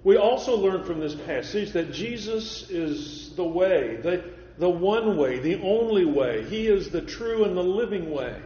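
A male preacher giving a Sunday morning sermon, measured and repeating key phrases for emphasis. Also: sits high, animated, dark tone, slight background noise. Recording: echoey hall, dull lo-fi sound.

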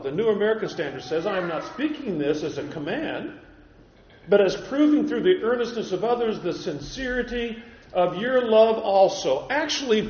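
In an echoey church hall, a man with a high, slightly mellow voice preaches an expository Bible sermon, emphatic and quoting scripture. The recording is dull and lo-fi.

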